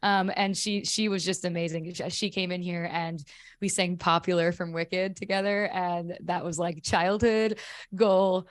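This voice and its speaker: A woman's voice: on the low side, steady tone, unhurried. A woman singer chatting as a guest in a radio studio, laughing often and talking with many fillers. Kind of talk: casual radio interview.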